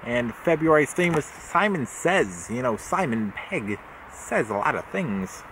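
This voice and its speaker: A man's voice: mid-range voice, sing-song, measured pace, background noise. A young man vlogging as he unboxes a subscription box, rambling and jokey, often correcting himself. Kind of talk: casual unboxing vlog.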